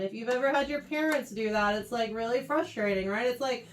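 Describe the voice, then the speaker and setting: A woman teaching a Bible lesson to a youth class, animated and often checking in with her listeners. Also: a little high, a little fast, slight background noise. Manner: animated, keeps checking in with "right?". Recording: voice heard from far off the mic.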